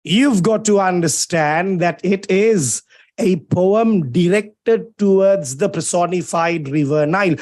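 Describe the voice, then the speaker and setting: A young man with a Sri Lankan English accent teaches a poem in a lively live lecture, with a fairly high voice. He teases his students and draws out key words slowly for dramatic effect. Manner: lively, playful and teasing, drawn-out dramatic emphasis.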